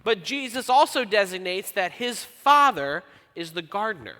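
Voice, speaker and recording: A man's voice: sits high, big pitch swings, sharp tone. Guy pastor giving a sermon, chatty and joking on himself, lots of hall echo. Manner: conversational and self-deprecating, reads scripture slowly. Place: church auditorium. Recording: long church hall reverb.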